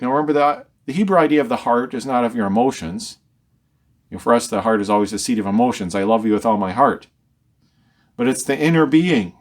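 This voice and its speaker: A man of ordinary mid pitch teaches scripture verse by verse. He reads the verses with raised emphasis and then talks through them in a relaxed, conversational way, often repeating a word as he gathers his thoughts. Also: fairly quick. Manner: repeats words and restarts phrases as he thinks aloud. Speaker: Bible teacher.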